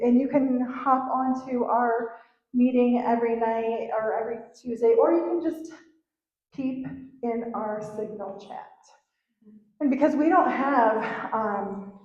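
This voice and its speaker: A woman's voice: on the high side, a little mellow. A woman organizer speaking at a community town hall, upbeat and joking as she rallies the crowd. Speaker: local organizer. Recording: roomy, dull hall sound.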